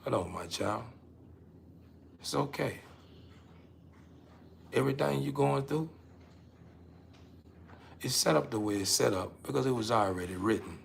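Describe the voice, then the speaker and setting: A man voicing God as a calm, gentle father figure who speaks softly and reassuringly. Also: mid-range voice, a little slow, vocal fry, pauses often, slight background noise. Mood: soothing. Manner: soft, hushed, reassuring.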